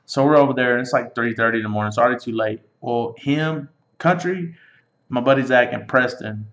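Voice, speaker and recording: A man's voice: medium pitch, fairly quick, a bit bright. A man in his thirties hosting, telling a joking, profane story. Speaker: podcast host. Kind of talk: casual storytelling chat. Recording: echoey room, dull lo-fi sound.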